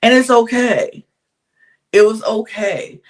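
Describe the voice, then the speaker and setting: Woman podcast host, higher voice, candid casual recap, sighs and laughs a lot. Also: takes it slowly.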